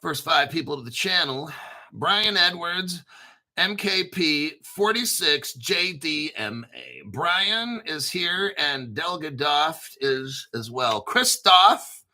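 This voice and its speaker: A man's voice: a little high, animated, slow pace, sharp tone. A man hosting a casual crypto livestream, rambling and joking with lots of profanity. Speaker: crypto YouTube host.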